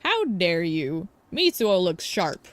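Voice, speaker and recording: A woman voicing a stoic, gruff middle-aged male ex-yakuza, reading his lines in a lowered voice with a curt, dry delivery. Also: sing-song, slow pace.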